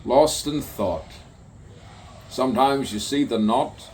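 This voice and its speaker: A man, a poet, recites his own spoken word poem in a musing, repetitive way, broken by sudden emphatic bursts. His voice is medium-pitched, slow, and a little mellow, recorded on a distant mic with faint background noise.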